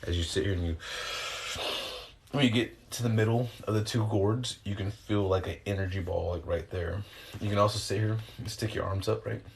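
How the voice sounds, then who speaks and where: A man with a low voice talks to his viewers in a loose, wandering way, full of slang and the odd curse word. He answers chat questions and talks them through breathing exercises, recorded on a phone. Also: steady tone, normal speed, creaky, slight background noise. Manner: rambling, loose and slangy, with mild swearing. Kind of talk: casual livestream chat and guided breathing instruction.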